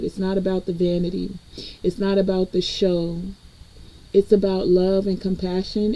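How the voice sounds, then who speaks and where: A woman's voice: mid-range voice, dark tone, rough recording. A woman energy reader giving a collective spiritual reading in a conversational way, talking straight to her viewers. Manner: conversational, addresses viewers directly.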